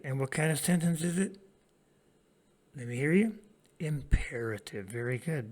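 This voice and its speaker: A man teaching an English grammar lesson to children, prompting his pupils to repeat lines and pausing for their answers. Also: on the high side. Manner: lively, sing-song classroom delivery.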